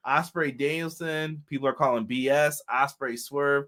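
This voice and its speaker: A man's voice: mid-range voice, steady tone, normal speed, a bit bright. A male co-host, chatting casually and animatedly on a live wrestling stream, often exclaiming and swearing.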